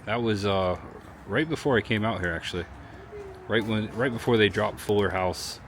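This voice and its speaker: A man narrates his travel vlog in a relaxed, chatty way, turning reflective and emotional at times. His voice sits low. Traffic and city noise hum clearly behind him outdoors. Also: normal speed. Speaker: travel vlogger.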